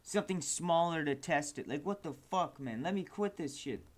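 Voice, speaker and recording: A man with a somewhat high voice talks to viewers of his livestream while building a game at his computer. He is exasperated, cursing and muttering at the software, and keyboard clicks sound behind him. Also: expressive, moderate pace. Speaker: game developer streamer. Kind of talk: frustrated livestream commentary.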